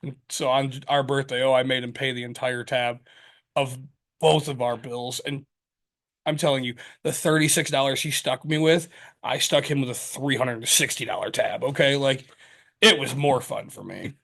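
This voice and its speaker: A man co-hosting a podcast in casual chat, rambling and profane with lots of fillers and animated storytelling. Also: mid-range voice, normal speed, creaky. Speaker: podcast co-host.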